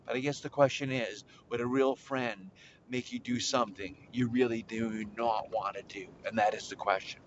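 A man's voice: mid-range voice, normal speed, a little hiss or hum. Man telling children a story, lo-fi. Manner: animated, coaxing children to shout along. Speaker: children's podcast host.

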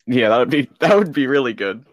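A man's voice: medium pitch, very animated, a little fast, dry recording. A young man co-hosting a podcast, chatting casually in a goofy, joking way and laughing often. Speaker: podcast co-host. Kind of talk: casual chat.

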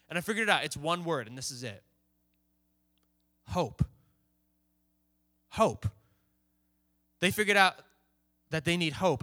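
A man's voice: fairly high pitch, pushed and bright. A young man preaching casually to a youth group, telling a story animatedly and acting out the quoted lines. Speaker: youth pastor. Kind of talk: sermon.

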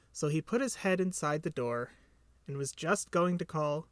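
A man narrating a storybook aloud in an expressive, lilting reading. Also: fairly high pitch, moderate pace, dry recording, studio quality. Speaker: reader.

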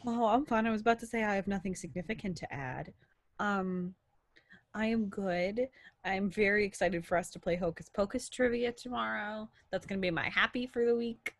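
A woman's voice: medium pitch, moderate pace, no echo. A young American woman co-hosting a podcast in casual chat, laughing often as she talks. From United States. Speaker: podcast co-host.

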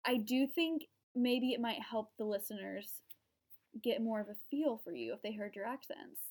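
A woman with a Southern US accent co-hosting a podcast. She talks in a chatty, casual way, and her voice sits a little high. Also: animated, moderate pace, a little mellow. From American South. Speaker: podcast co-host. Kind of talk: casual chat.

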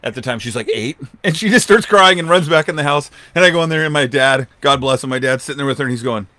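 Male podcast co-host in his thirties, animated storyteller, mid voice, dry recording. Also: mid-range voice, quick pace, dry recording. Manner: animated storyteller, acts out quotes loudly. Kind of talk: casual storytelling chat.

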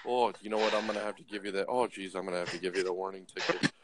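A man's voice: low-pitched, rapid-fire, a crowd in the background, natural voice. A man voicing an overly polite male Canadian police officer who fumbles apologetically, in a put-on Canadian accent. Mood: apologetic. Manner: apologetic and fumbling, full of gee and jeez.

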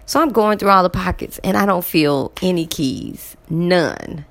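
A woman telling a personal story to her viewers in a casual, animated way, repeating words for emphasis. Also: fairly low pitch, moderate pace, vocal fry. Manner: addresses viewers directly.

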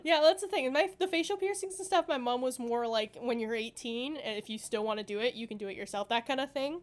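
A young woman with a high voice chats casually on a podcast. She talks bluntly and swears freely. She acts out the people in her stories as she tells them. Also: fast. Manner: blunt, profane and animated, acting out quoted voices. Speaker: podcast co-host. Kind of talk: casual chat.

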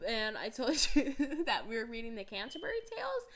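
A woman's voice: a little high, big pitch swings, fairly quick. A young woman hosting a podcast in a chatty, giggly, casual way, full of filler words. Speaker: podcast host. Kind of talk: casual chat.

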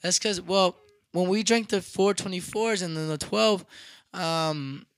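Young man, high voice, dry close sound, profane, animated storytelling. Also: unhurried, dry recording. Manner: animated, profane, acts out quotes loudly. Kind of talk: casual storytelling chat.

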